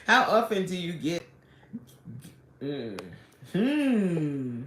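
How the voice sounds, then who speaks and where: A woman's voice: fairly low pitch, big pitch swings, slow. Woman host, casual live-stream chatter, reads chat aloud, laughs a lot, roomy sound. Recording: echoey room.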